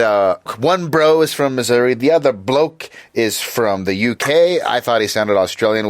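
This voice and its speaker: Man, podcast host, irreverent jokester, lively pitch, dry close sound. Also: no echo. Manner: joking, irreverent, animated. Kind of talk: casual podcast chat.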